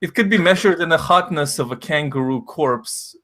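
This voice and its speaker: A man's voice: on the high side, moderate pace, fairly bright tone. A man whose first language is Russian, hosting a stream in a rambling, profane, jokey way. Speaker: stream host. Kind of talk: casual stream chat.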